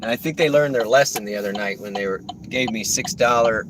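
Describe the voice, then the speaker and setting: A man with a lowish voice rambles casually as he drives, cracking jokes and tossing in silly voices. He talks into a phone in a moving car. Loud road and engine noise rolls under everything he says. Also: fairly quick, far from the mic. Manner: rambling, jokey, slips into silly impressions. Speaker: rideshare and delivery driver streaming. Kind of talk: casual live-stream chat while driving. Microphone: phone used for streaming.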